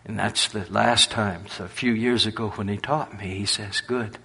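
A husky-voiced man preaches in a relaxed storytelling manner. His voice sits on the low side and he often chuckles through the tale. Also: normal speed. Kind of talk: storytelling sermon.

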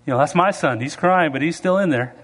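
A middle-aged man preaching a sermon, telling stories and shouting out the lines of the people in them. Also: a little high, fairly quick. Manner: storytelling, acts out quoted voices loudly. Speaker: pastor.

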